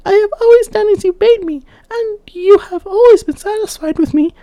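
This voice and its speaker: A man voicing a young, frightened maiden in a fairy-tale reading, in a high falsetto with a pleading manner. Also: normal speed, creaky, dark tone, dry recording.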